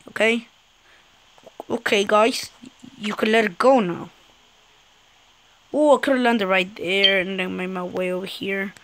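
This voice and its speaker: A woman with a slightly high voice gives excitable let's play commentary, swearing, yelping and muttering at the game. She talks at a desk mic, with clear keyboard and mouse clicks behind her. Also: slight background noise, poor audio. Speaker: gamer.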